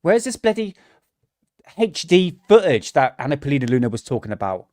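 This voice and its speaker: A man with a fairly high voice hosts a reaction stream, his talk full of exasperated swearing. He stumbles over repeated restarts as he vents. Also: very animated, a little fast, a little mellow. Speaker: livestream host. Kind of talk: reaction livestream rant.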